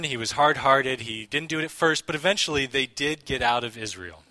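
A man preaching a relaxed, joking sermon to his congregation, reading scripture aloud. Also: mid-range voice, brisk, hardly any pauses, no room sound. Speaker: pastor.

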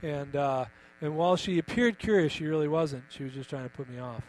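A man's voice: fairly high pitch, fairly quick, darkish tone, slight background noise, poor audio. A man preaching a sermon, emphatic and putting questions to his congregation. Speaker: pastor.

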